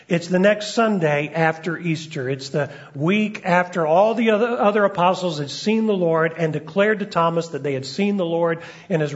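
A man preaching a sermon as a pastor, conversational, with frequent fillers and restarts. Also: a little high. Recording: dull lo-fi recording.

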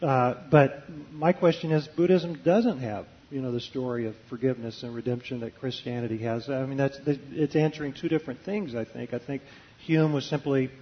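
Man, Baptist preacher, halting speech, lots of uh and um, mid-pitched voice, dull lo-fi sound. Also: steady tone. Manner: hesitant, many fillers and restarts. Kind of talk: conversational interview, reading a passage aloud.

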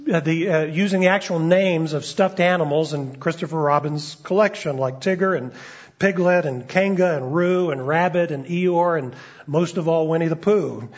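A male pastor preaching in a conversational way. He stumbles through frequent fillers and restarts, and his voice sits fairly high. The recording sounds muffled and lo-fi. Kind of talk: sermon. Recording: dull lo-fi recording.

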